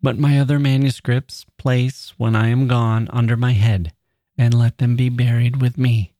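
Man doing a dying woman writer, frail, whispering, proud, slow, mellow. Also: mid-range voice, fairly even intonation, no echo, clean studio sound, natural voice. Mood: earnest. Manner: soft, whispered, earnest delivery.

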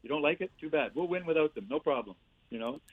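Over a tinny phone line, a former hockey player and coach shares animated stories in an interview, laughing and adding "eh" to his lines. His voice is on the high side and husky, he talks quickly, and there's no echo.

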